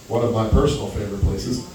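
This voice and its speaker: A man doing a stand-up comedy set in a small club, brash and crude with animated delivery. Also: fairly low pitch, slight background noise. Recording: echoey club heard from far off. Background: audience chatter and laughter.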